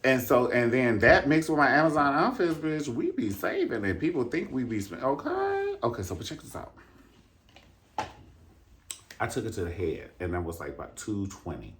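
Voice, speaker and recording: A man telling a story in a casual, profane rant, flamboyant and sassy, with drawn-out emphatic asides. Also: mid-range voice, sing-song, fairly bright tone. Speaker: vlogger reviewing a dance concert.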